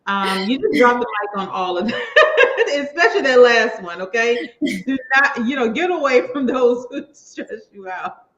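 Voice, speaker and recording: A woman from Louisiana hosts a live stream in a Southern accent, enthusiastic and folksy, full of quick affirmations. Her audio is dull and lo-fi. It echoes around the room. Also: a little high, expressive, a bit bright.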